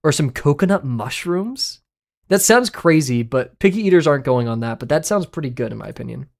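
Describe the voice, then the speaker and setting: A streamer chatting casually and excitedly with viewers, laughing often and swearing freely while reacting to chat. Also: medium pitch, a little fast, vocal fry.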